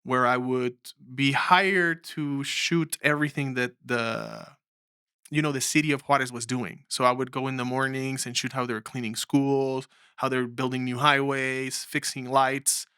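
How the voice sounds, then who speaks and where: A young man from Mexico sits as a filmmaker guest, telling his story in an animated way and slipping into the voices of the people he quotes. His voice is bright and clear, and the recording is close and dry. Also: mid-range voice, measured pace, dry recording. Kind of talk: storytelling interview.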